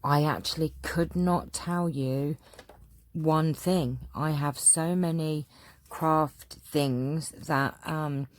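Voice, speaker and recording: A woman's voice: low voice, fairly even intonation, takes it slowly. An English woman hosting a craft channel, answering viewer questions in a chatty, rambling way with lots of fillers. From England. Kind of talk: casual Q&A chat.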